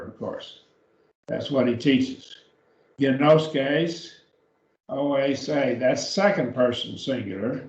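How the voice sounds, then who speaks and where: A man teaching a classroom grammar lesson, speaking slowly with many fillers, restarts and repeated words. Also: mid-range voice, creaky, darkish tone. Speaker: Greek teacher. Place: church classroom. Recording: dull, roomy classroom recording.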